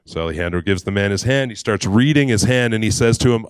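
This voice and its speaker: A man's voice: lowish voice, quick pace, few pauses, smooth, dry recording, studio quality. A man telling a story in a conversational talk, with fillers and acted quotes. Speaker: speaker.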